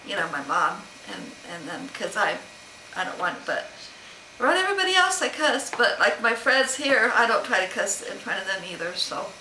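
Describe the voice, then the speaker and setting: A woman's voice: mid-range voice, very animated, normal speed, pushed and bright, echoey room, a little hiss or hum, rough recording. A middle-aged woman chatting casually to camera at home, rambling and laughing as she answers questions. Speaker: vlogger answering a question tag. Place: home room.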